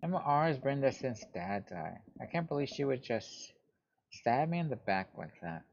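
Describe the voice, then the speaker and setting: A man's voice: medium pitch, very animated, normal speed, vocal fry, a little hiss or hum. Teen girl, upset and gossipy, rambling rant, put on by a man, muffled lo-fi recording. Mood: hurt. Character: upset teenage girl venting to her dad.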